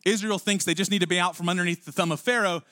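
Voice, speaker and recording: A man preaching a sermon with a slightly high voice. He talks to the congregation like a friend, with lots of rhetorical questions, and now and then drops to a quiet, almost private tone. The recording is close and dry. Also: fairly even intonation, rapid-fire, no room sound. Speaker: pastor.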